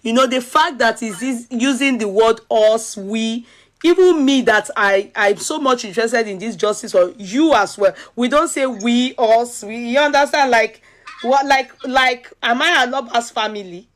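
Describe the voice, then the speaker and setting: A Nigerian woman with a Yoruba accent talks casually in a slightly high voice. She asks questions and slips between English and Yoruba. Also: normal speed. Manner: mixes English with Yoruba, questioning, laughs often. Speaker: commentator. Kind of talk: casual chat.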